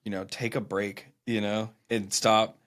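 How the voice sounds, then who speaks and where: Chef guest on a podcast; lowish voice; easygoing, reflective, agreeable. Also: male voice, flat delivery, unhurried, fairly bright tone. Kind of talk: casual chat.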